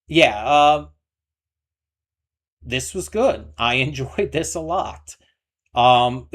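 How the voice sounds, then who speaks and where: Guy doing a reaction vid, chatty and rambly, tons of ums and false starts. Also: medium pitch. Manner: chatty, rambling with many fillers and restarts. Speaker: reaction channel host. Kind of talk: casual reaction commentary.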